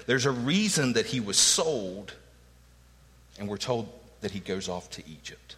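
A man's voice: on the low side, animated, measured pace, fairly bright tone, long reverb tail. A man preaching a sermon, emphatic and earnest, acting out the words of the people in his text. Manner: emphatic preaching, acts out quoted lines. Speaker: pastor.

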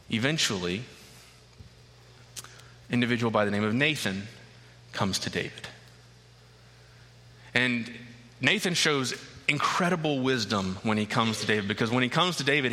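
A man delivers a sermon, telling the story plainly before building to impassioned intensity. His voice is sharp and very bright. It rings out with a long reverb, as in a large hall. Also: medium pitch. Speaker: preacher.

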